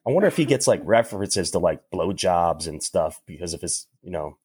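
A man's voice: low-pitched, animated, brisk, a little mellow, slightly rough, no echo, studio quality. A man from New York chatting casually on a podcast, crude and joking, laughing often. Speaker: podcast co-host. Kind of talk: casual chat.

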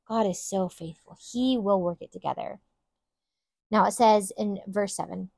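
A woman's voice: mid-range voice, unhurried, vocal fry, a little mellow, no echo. A woman hosting a Bible teaching podcast, earnest and enthusiastic, who stresses her points by repeating them. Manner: earnest and enthusiastic, with emphatic repetition.

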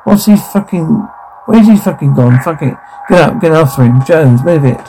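A foul-mouthed soldier barking orders. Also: male voice, on the high side, expressive, moderate pace, dark tone, a little hiss or hum, rough recording. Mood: urgent. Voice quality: coarse, swears constantly. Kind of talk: film dialogue. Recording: film soundtrack with music underneath. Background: music.

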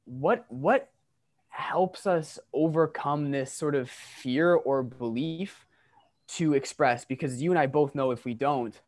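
A man's voice: a little high, takes it slowly, a little mellow. A man hosting a podcast, curious and enthusiastic, asking questions in loose, casual talk. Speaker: podcast host.

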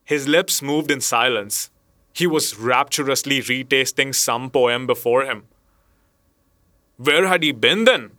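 A man reading a story aloud as narrator, in a measured storytelling manner. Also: medium pitch, bright, forceful tone, no room sound, studio quality. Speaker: audiobook narrator. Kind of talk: scripted narration.

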